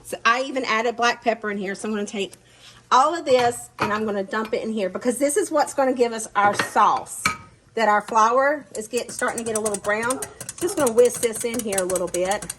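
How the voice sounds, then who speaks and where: Speaking a little fast in a slightly high voice, this woman runs a casual cooking vlog at home. She's chatty and pokes fun at herself while addressing her audience directly, and kitchen sounds of pots, pans and whisking are clearly heard.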